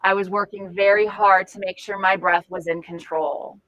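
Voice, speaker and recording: A woman's voice: mid-range voice, fairly even intonation, moderate pace, a bit bright, poor audio. Woman, de-escalation trainer, live class, conversational, searches for words. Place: training room with a group.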